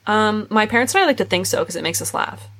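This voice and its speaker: A woman's voice: mid-range voice, lively intonation, fast, a bit bright. A young adult woman co-hosting a casual chat, telling long rambling stories. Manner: chatty, rambling storyteller. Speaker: podcast co-host.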